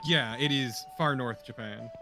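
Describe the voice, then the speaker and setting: A man on a game stream, chatting casually with quick reactive quips. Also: mid-range voice, bright, forceful tone, soft background music.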